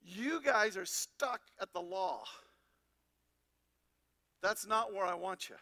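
A man's voice: sits high, slow, sharp tone. A man pastor preaching a sermon, asking the congregation rhetorical questions and reading scripture aloud.

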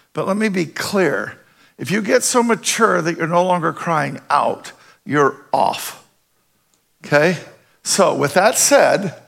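A man's voice: a little high, vocal fry, fairly bright tone. A middle-aged man preaching a conversational sermon as a pastor, often checking in with his listeners with questions.

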